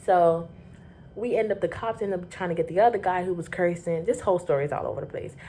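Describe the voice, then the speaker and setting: A woman from Florida spins a loose, profane storytime, rambling and animated as she goes. Her voice sits on the lower side, with a faint rumble humming underneath. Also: quick pace. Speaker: vlogger telling a work story. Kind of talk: casual storytime.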